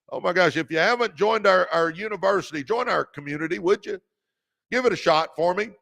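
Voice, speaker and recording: A man's voice: high voice, creaky, fairly bright tone, no room sound, clean studio sound. A middle-aged man hosting a motivational livestream, fired up, repeating key lines and thanking viewers by name. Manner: calls viewers "baby". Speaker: podcast host.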